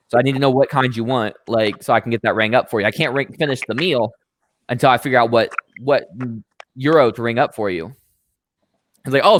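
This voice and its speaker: A podcast host with a mid-range voice animatedly acts out a story, voicing both sides and swearing freely in a casual storytelling chat.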